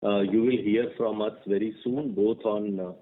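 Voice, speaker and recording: A man's voice: fairly low pitch, fairly even intonation, moderate pace. A man speaking as a company executive on an earnings conference call, hesitant with many fillers. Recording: phone line audio.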